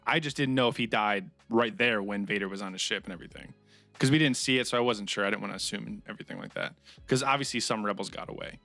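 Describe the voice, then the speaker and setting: A man's voice: lowish voice, fast talker, pushed and bright, dry recording, faint music behind. A man co-hosting a casual comedy podcast, giving blunt opinions and swearing casually as he reads out chat questions. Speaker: podcast co-host.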